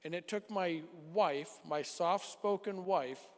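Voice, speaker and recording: Male youth speaker, 40s, higher register, animated storyteller, reverberant church hall. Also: slow pace. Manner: animated storytelling, acts out dialogue. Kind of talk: sermon testimony.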